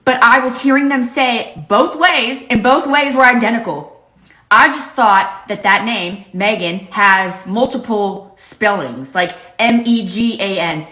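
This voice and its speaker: A woman's voice: fairly high pitch, bright, forceful tone, roomy sound. A woman from Pittsburgh with a slight Southern touch to her accent, telling a comic story to camera in a casual, exasperated way. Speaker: lifestyle vlogger.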